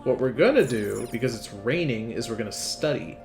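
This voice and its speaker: Guy doing lets play commentary, cursing and joking around, middle pitched voice, faint music behind. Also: lively intonation, gravelly. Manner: joking, profane, rambling, quick to laugh. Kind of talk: casual gameplay commentary, reading game dialogue aloud.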